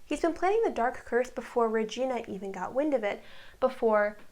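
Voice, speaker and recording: A woman casually recapping a show in a chatty, breezy way, with quick asides as she paraphrases scenes. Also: a little high, animated, a little mellow. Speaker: recap vlogger.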